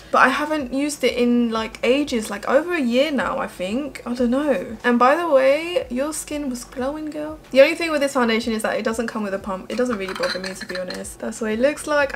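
A woman's voice: fairly high pitch, a little hiss or hum. A young woman chatting through a makeup tutorial as a beauty vlogger, gushing and emotional. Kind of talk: casual makeup tutorial chat.

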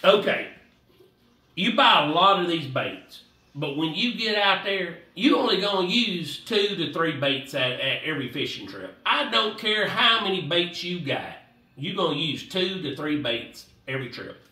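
A man's voice: on the high side, sing-song, measured pace, sharp tone, reverberant, recorded from a distance. A man giving a casual, rambling fishing how-to, repeating himself in a folksy way. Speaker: fishing vlogger.

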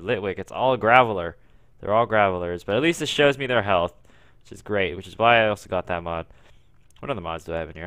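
A young man casually commenting while playing a video game, rambling, grumbling about lag, and breaking into sudden excited outbursts. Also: lowish voice, clean tone, no room sound. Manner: rambling, frequent swearing at lag and jumpy outbursts. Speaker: gaming video creator. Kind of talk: casual let's play commentary.

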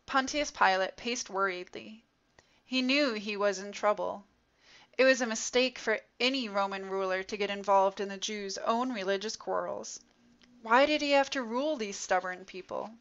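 A woman narrating a story in an expressive, dramatic reading style. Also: medium pitch. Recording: dull lo-fi recording.

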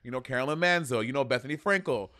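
A man's voice: mid-range voice, fast talker, fairly bright tone, no room sound, clean studio sound. A man co-hosting a casual podcast review of a TV show, blunt and salty, laughing often. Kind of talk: casual chat.

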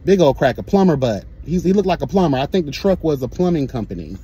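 A man telling a story in a sassy, profane, animated storytime rant. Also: a little high, fast, breathy edge. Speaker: vlogger.

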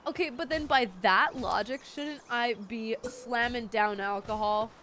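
A woman streamer with a sore throat chats casually and profanely while gaming, getting excitable and squealing over cute things. Her voice sits a little high and unhurried, with a little hiss or hum.

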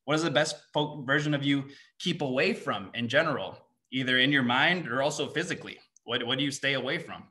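A man's voice: medium pitch, bright, forceful tone. A young man giving a motivational seminar to students, firing off rhetorical questions and ending points with "right?". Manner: rapid-fire rhetorical questions, frequent "right?". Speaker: seminar speaker and mindset coach.

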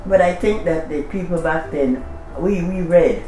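A woman's voice: on the low side, unhurried, dark tone. Older belizean woman guest, emphatic, keeps repeating her point, echoey room. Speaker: guest, poet and social worker. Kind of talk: casual interview conversation. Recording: echoey room with music behind.

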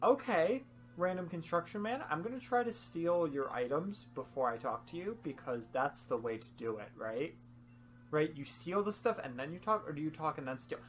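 A woman's voice: low-pitched, lively intonation, moderate pace. A young woman doing goofy, rambling let's-play commentary with frequent laughs, over faint game music. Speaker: game streamer.

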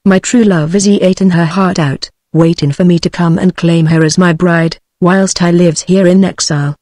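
A text-to-speech woman's voice with a British English accent, narrating an audiobook in an even, machine-read way. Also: fairly low pitch, moderate pace, dry recording, studio quality.

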